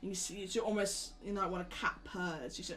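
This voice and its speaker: A woman narrating a tabletop role-playing game as game master, describing scenes in a relaxed way with plenty of fillers. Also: lowish voice, a little fast, rough recording.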